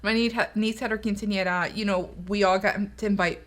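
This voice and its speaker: A woman's voice: medium pitch, fast. A woman from the US South, co-hosting a radio podcast in casual chat, telling stories and acting out the voices she quotes. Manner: animated storyteller, acts out quoted voices. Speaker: podcast co-host.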